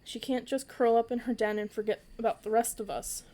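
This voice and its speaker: A woman's voice: fairly high pitch, steady tone, a little fast, mellow, close to an everyday voice. A woman reading aloud as an impatient young female warrior cat who speaks bluntly and with agitation. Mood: agitated.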